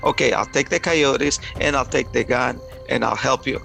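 A man's voice: medium pitch, normal speed, gravelly, bright, forceful tone, soft background music. A man voicing a wary middle-aged male farmer, a father, who talks in a nervous, insistent way. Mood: bargaining.

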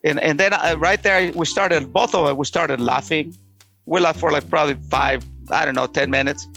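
A middle-aged man earnestly telling a personal story, halting often and restarting his sentences. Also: on the high side, creaky, bright, forceful tone, faint music behind. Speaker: storyteller sharing a personal testimony.

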